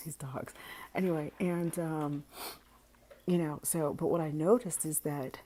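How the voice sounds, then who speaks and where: A woman with a notably deep, low-pitched voice talks straight to her viewers in a casual monologue. She is frank and unhurried, often laughing and letting sentences trail off. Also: fairly even intonation, dark tone, a little hiss or hum. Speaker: vlogger.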